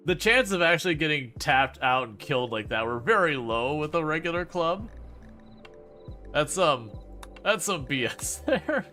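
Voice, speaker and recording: A man's voice: a little high, big pitch swings, a little slow, long pauses, bright, forceful tone, soft background music. A man chatting casually while streaming a farming game, rambling, joking and laughing often. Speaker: gaming streamer. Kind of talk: casual gameplay commentary.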